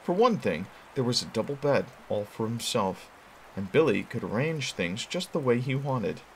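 A man's voice: mid-range voice, big pitch swings, moderate pace, a little hiss or hum. A man reading a novel aloud as a show host, telling the story expressively. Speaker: reader.

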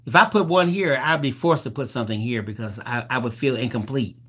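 A man's voice: mid-range voice, bright, forceful tone, slightly rough. A man, co-hosting a casual chat as he reads get-well cards, joking and laughing as he talks. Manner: joking, laughing, drawn-out storytelling. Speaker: co-host.

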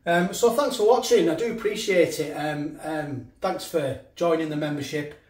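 A man's voice: on the high side, moderate pace, darkish tone. Rambling man reviewing food. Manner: rambling, repeats himself, talks with mouth full. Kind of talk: casual food review vlog. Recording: echoey room.

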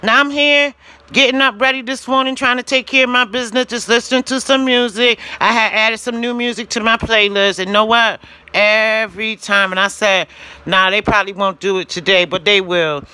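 A woman with a high, piercing, very bright voice delivers an indignant vlog rant straight to camera. She hammers her points through repetition and sometimes breaks into shouting. The sound is close and dry, with no room around it. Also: steady tone, moderate pace, clean tone, no echo. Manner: indignant and emphatic, rising to shouts; direct address to the platform, repeating phrases. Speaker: channel owner vlogging. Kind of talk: ranting vlog monologue.

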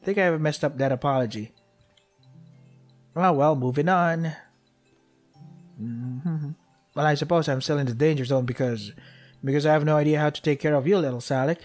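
A young man with a slightly high voice narrates his own gameplay, cracking jokes and talking straight to the characters. He gets excitable and laughs often. Game music plays faintly behind him. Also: moderate pace, long pauses. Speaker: gameplay commentator. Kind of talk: let's play commentary.

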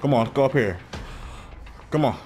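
A man's voice: mid-range voice, lively intonation, normal speed, darkish tone, slight background noise. A man doing casual gameplay commentary, trash-talking and slangy, swinging from hyped to frustrated. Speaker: gaming YouTuber.

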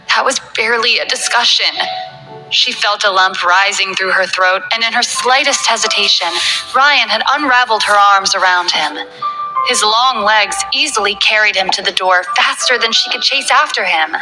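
A woman reads a romance novel aloud in a soft, dramatic storyteller's voice pitched a little high. Music plays steadily underneath the reading. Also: poor audio. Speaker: audiobook narrator. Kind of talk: scripted narration of a romance novel. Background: background music.

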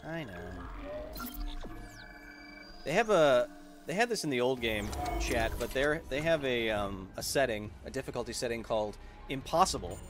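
A man streaming a horror game, giving excitable casual commentary in quick bursts with stammered restarts. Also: mid-range voice. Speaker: gaming streamer. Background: stream music and game sounds.

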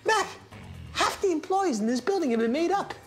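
A man's voice: very high voice, lively intonation, brisk, faint music behind. An actor playing a frantic, paranoid male mailroom clerk who rants in a rambling way in a sitcom. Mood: manic. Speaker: mailroom worker. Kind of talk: sitcom acting.

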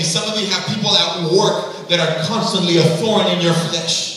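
A man's voice: high voice, fairly even intonation, moderate pace, hardly any pauses, sharp tone. A man preaching a sermon to his church with passion, acting out voices as he goes. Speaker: pastor. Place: large church hall. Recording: echoey hall from far off, faint noise.

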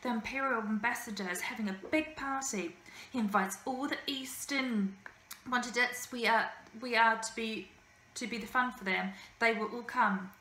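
A woman's voice: on the high side, normal speed, pushed and bright, echoey room. A woman voicing a proud young female trapeze artist who speaks in broken English.

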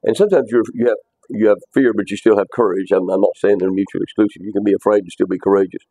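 Mellow-voiced male bible teacher. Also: lowish voice, steady tone, very fast, no echo, low-quality recording. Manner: conversational, repeats words, quizzes students. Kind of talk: classroom teaching.

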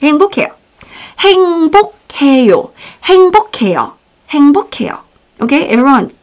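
A woman with a Korean accent, teaching a casual online language lesson, bubbly and repeating words slowly for learners. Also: high-pitched, sing-song.

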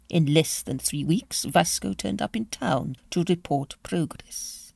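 A woman narrating a classic short story for a podcast in an expressive, measured reading. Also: deep voice, gravelly, no room sound, studio quality. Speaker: audiobook reader.

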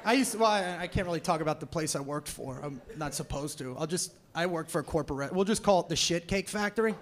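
A man's voice: on the high side, quick pace. A man performing a live stand-up set on a comedy club stage, brash and profane as he tells stories. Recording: noisy live club recording.

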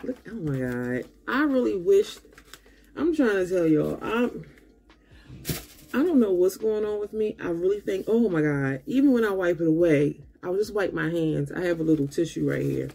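A woman vlogging a makeup unboxing who gushes and talks straight to her viewers, tired and low on energy. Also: lively intonation, normal speed, creaky, warm tone, a little hiss or hum. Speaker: beauty vlogger. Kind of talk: casual unboxing chat.

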